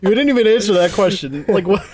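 A man's voice: high-pitched, animated, quick pace, a crowd in the background. A young man co-hosting a let's play, joking, swearing and laughing as he plays a party game. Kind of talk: casual gameplay commentary.

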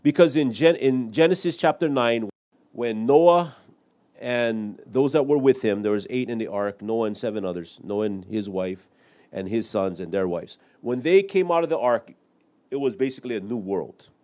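A man's voice: mid-range voice, moderate pace, darkish tone. A middle-aged man pastor preaching a Bible-teaching sermon, citing chapters and verses and explaining them in plain words with the odd aside. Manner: expository preaching with scripture citations and asides.

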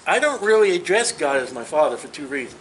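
High-voiced earnest male Bible teacher. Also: sing-song, fast, slight background noise, poor audio. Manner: earnest, emphatic, personal, talks straight to listeners. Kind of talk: conversational Bible study preaching.

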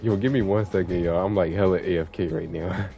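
A young man streaming a game and talking casually to his chat, full of slang, swearing and quick laughs. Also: sits low, steady tone, warm tone, dull audio, soft background music. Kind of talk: casual live-stream banter.

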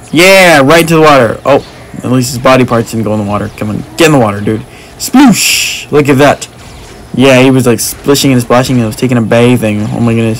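A man commenting on his own gameplay in an excitable way, with frequent exclamations and repeated phrases. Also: mid-range voice, a little hiss or hum, rough recording. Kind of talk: let's play commentary.

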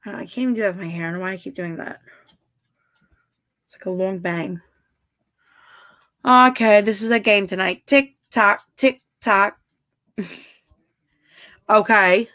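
Chatty woman streaming live, blunt, curses a lot, bright edge on her voice. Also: medium pitch, slow pace, pauses often. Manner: chatty, blunt, swears freely. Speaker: livestreamer reading chat. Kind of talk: casual live-stream chat.

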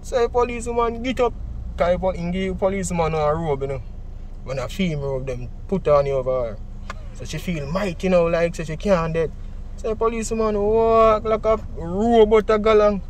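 A young man with a strong Jamaican accent, recounting events in an interview with lively acted-out speech. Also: sits high, normal speed, a little hiss or hum. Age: young adult. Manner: animated, heavy Jamaican Patois, acts out quoted speech.

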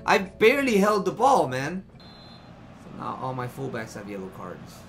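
A man giving live commentary on his own video game play, excitable and often frustrated, tossing in "man" and "yo" a lot. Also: medium pitch, normal speed, noisy background. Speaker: gaming YouTuber.

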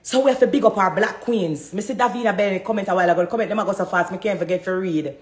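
Racing along in a mid-range voice, with roomy-sounding audio, a woman vlogger rants to camera in a Jamaican Patois accent. Fiery and defiant, she hammers her points by repeating them.

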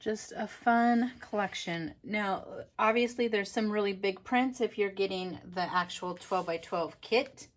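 A woman's voice: mid-range voice, measured pace, hardly any pauses. A woman vlogger chatting casually and enthusiastically through a craft product haul, giggling often.

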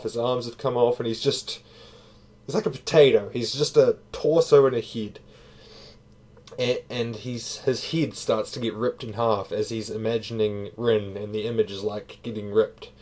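A man's voice: medium pitch, warm tone. Tired, profane young-sounding male reviewer. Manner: casual and profane, with fillers. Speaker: manga reviewer. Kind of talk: casual spoken review.

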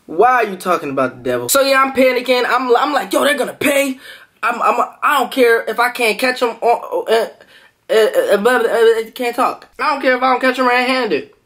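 A man vlogging to camera, telling a story in a lively, animated way and jumping into quoted voices, with features. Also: extremely high pitch, a little fast. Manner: animated, jumps into quoted voices, laughs often. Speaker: food vlogger.

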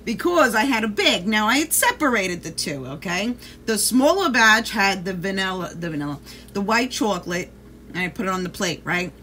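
A woman's voice: mid-range voice, expressive, moderate pace, bright, forceful tone, slight background noise. A woman chatting casually on a livestream, swearing freely and greeting viewers by name. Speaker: vlogger.

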